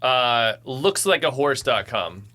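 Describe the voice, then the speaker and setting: A man hosting a podcast in casual chat, often halting and restarting his sentences. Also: medium pitch, lively intonation, background noise. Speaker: podcast host.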